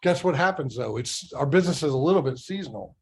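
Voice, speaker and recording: A man's voice: on the high side, animated, quick pace, darkish tone, husky. A middle-aged man giving a motivational business training talk to sales agents. He speaks conversationally and keeps asking rhetorical questions. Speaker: real estate sales trainer.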